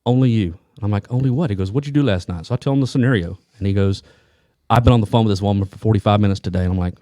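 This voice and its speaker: Fast-talking, mellow-voiced man telling a story. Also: lowish voice, no room sound, studio quality. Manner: rambling anecdotal storyteller with many restarts. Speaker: police detective and co-host. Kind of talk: casual podcast storytelling.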